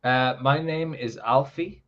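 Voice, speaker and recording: A man's voice: mid-range voice, takes it slowly, a bit bright. Young male caller, blunt and crude, dull lo-fi line. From Ireland. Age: young adult. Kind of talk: casual call-in chat.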